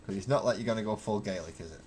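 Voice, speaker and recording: A man with a deep voice rambles through viewer comments on his livestream, wry and thinking out loud between fillers. He talks into a webcam mic in his hobby room at home, with a faint hiss behind him. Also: racing. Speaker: livestreaming miniature painter. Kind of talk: casual livestream chat, answering viewer comments.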